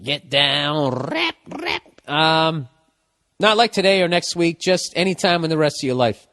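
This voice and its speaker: A man's voice: fairly high pitch, moderate pace, fairly bright tone. A man hosting a podcast, reading listener mail and riffing in a blunt, profane, jokey way. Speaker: podcast host.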